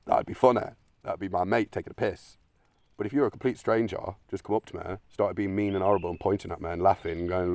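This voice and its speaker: Blunt, sweary low-voiced man. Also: steady tone, fast talker, darkish tone, dry recording. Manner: blunt, sweary, argumentative, mocks imagined critics in silly voices. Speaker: video essayist. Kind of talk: opinionated monologue.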